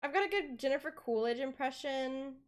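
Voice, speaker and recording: A woman streamer chatting casually on a live stream, playful and quick to swear. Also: high voice.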